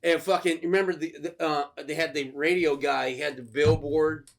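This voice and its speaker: A man co-hosting a podcast in casual chat, excitedly retelling a film with lots of swearing and acted-out bits. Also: fairly high pitch, normal speed. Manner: excited, swearing, acts out scenes. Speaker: podcast co-host.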